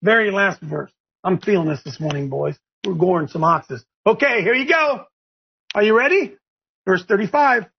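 Fiery high-voiced man preaching scripture. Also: lively intonation, moderate pace, vocal fry, husky, dull audio. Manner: emphatic, shouts scripture, rhetorical questions. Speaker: host leading a Bible discussion. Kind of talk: fiery preaching-style Bible talk.

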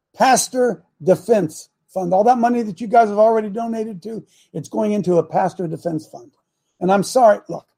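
A man's voice: high voice, mellow, husky. A middle-aged man hosting a call-in talk show, preaching and scolding his listeners in a combative way.

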